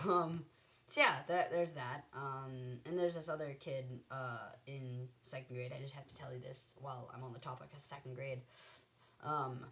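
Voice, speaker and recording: A woman's voice: extremely low pitch, steady tone, normal speed, a bit bright. A teenage girl telling school stories to the camera in a rambling, giggly way, full of ums and likes. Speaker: vlogger. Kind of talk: casual storytelling to camera.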